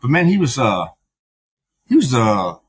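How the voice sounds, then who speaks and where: A man's voice: medium pitch, very animated, unhurried, slightly rough, poor audio. A middle-aged man, a podcast guest, telling his story candidly, with frank, profane talk full of fillers and restarts.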